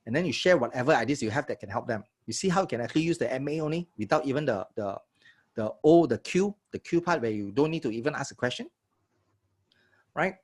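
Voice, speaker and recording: Husky-voiced man teaching sales. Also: medium pitch, fast talker. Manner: energetic, checks in with audience often. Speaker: sales trainer. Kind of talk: live online workshop teaching.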